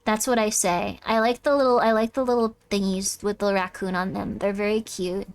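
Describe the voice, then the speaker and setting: A woman's voice: mid-range voice, fairly even intonation, normal speed. A young woman streaming a game, bubbly and rambling, giggling and chatting with viewers. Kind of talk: casual let's-play chat.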